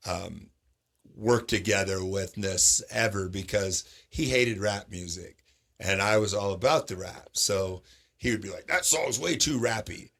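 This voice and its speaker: A middle-aged man from Sacramento who owns roller rinks, telling stories in a casual chat and acting out the voices of the people he quotes. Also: lowish voice. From Sacramento, California. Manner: animated, acts out quoted voices. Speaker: roller rink owner, podcast guest.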